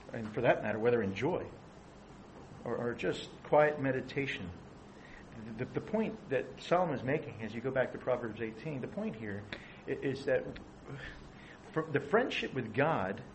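Middle-aged male pastor, chatty teaching sermon, even mid pitch, slight background hiss. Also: low-quality recording. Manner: conversational, asks the audience questions.

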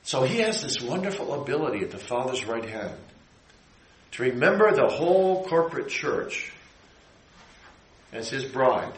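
A man's voice: very animated, a little slow, long pauses. Fervent preacher man, echoey room. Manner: rising to emphatic high climaxes, then dropping low. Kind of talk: sermon.

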